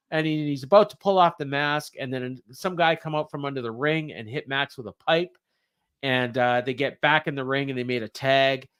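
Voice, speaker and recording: A man with a clear, resonant, mid-range voice that's a bit bright co-hosts a podcast. He recaps a wrestling show casually and ramblingly, using plenty of fillers.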